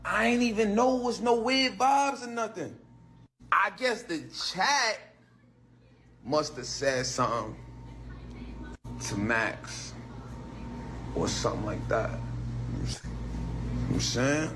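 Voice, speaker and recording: Animated man telling a story. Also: high voice, slow, pauses often, noisy background. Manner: animated, slangy, rambling. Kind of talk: storytime recounting.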